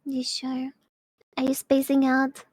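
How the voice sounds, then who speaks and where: High-pitched woman, slow and playful, whiny hums, dry close sound. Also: completely flat delivery, darkish tone, no room sound. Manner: playful, drawn-out whining and humming. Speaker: guest streamer. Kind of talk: casual stream chat.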